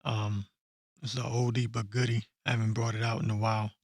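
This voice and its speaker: A man ranting bluntly and profanely in an unscripted commentary, stopping to read verses slowly and correct himself. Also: lowish voice, level tone, darkish tone, no echo, studio quality. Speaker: online commentator. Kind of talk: blunt unscripted rant with scripture reading.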